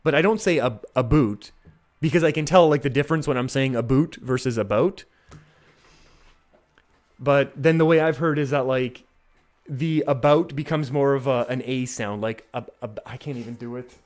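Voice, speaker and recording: Here a man speaks at a moderate pace in a mid-range voice with a Canadian accent. His card-game stream commentary is easygoing and chatty; he talks to his chat, often chuckling to himself and restarting what he was saying.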